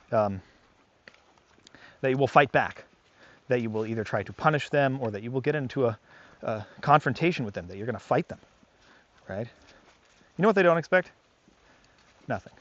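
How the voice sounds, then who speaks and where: A man's voice: mid-range voice, highs cut off. Earnest man explaining dog training outdoors. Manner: earnest and emphatic, repeats key phrases. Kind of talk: explaining on camera while walking a dog. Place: outdoors on a park trail.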